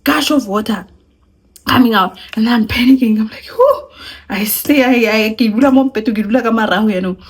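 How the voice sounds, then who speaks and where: A young South African woman with a South African accent, telling her own story in a casual, animated vlog, laughing and switching between languages. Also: fairly high pitch, brisk, husky. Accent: South African (Sesotho-speaking). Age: young adult. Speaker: vlogger.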